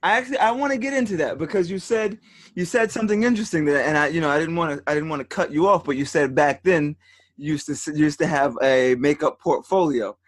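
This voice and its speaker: A man hosting a podcast, relaxed and casual, with lots of fillers. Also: on the high side, fast, no echo. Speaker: podcast host. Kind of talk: casual chat.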